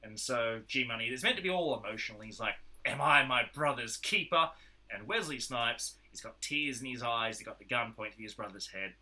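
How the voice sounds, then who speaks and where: Bright-voiced man telling a story. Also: mid-range voice, brisk, hardly any pauses. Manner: animated retelling with acted-out quotes. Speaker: podcast host recapping a film. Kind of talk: casual storytelling chat.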